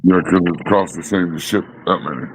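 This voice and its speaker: A man's voice: low-pitched, brisk. A man calling in to a stream for casual chat, his voice muffled through a bad microphone. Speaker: caller on a stream. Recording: muffled phone-like line with hiss.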